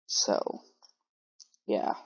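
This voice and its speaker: Speaking very slowly, a woman delivers sarcastic, incredulous reaction commentary on clips, full of hesitant fillers. The recording is dull, lo-fi and dry, with slight background noise.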